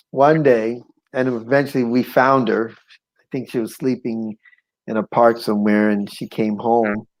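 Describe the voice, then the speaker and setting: A man's voice: medium pitch, low-quality recording. Man telling a personal story with animation. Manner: animated retelling, acts out quotes and sounds; chuckles now and then. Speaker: guest.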